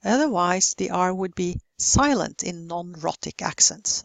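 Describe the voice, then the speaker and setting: A woman giving a recorded slide lecture on pronunciation, explaining calmly and modelling example words one at a time. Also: fairly low pitch, a little slow, gravelly, hardly any pauses, no room sound.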